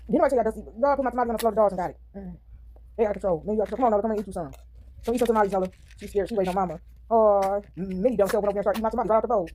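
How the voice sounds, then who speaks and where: This woman's warm, mid-range voice races along as she vlogs casually while eating, recorded on a phone. Chatty, she addresses viewers as "y'all" and sings snippets now and then.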